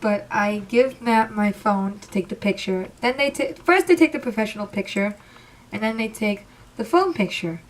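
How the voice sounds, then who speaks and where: A young woman telling an excited, rambling storytime about meeting her idols, emotional and close to tears. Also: mid-range voice, moderate pace. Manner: gushing, rambling, says literally a lot. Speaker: vlogger.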